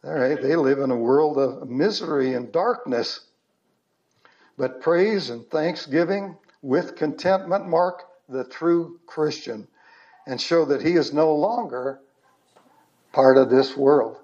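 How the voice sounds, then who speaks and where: A man preaching a sermon as pastor, slow and earnest with emphatic stresses. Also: a little high, darkish tone, lo-fi sound.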